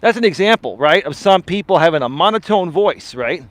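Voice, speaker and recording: Expressive life coach talking on a walk. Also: male voice, a little fast, dry recording. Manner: expressive, swinging pitch up and down, often tags "right?". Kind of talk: live-stream chat answering viewer comments. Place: outdoors on a walk.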